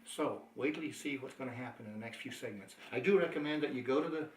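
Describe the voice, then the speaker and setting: A man's voice: medium pitch, quick pace, echoey room, distant mic, slight background noise, poor audio. A man giving a sales training talk, telling stories, acting out the dialogue and chuckling often. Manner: chuckling, anecdotal, animated.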